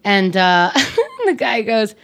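A woman with a New York accent chatting on a casual show. She tells stories with lots of energy, swears freely and breaks into laughs. Her voice sits in a middle pitch for a woman. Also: takes it slowly. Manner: animated storyteller, swears freely, laughs often. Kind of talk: casual chat.

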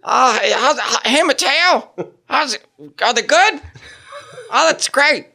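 A high, bright, halting voice of a sweet goofy comedian, done by a man as an impression. He stumbles over uh's and sounds friendly. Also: animated, full character voice.

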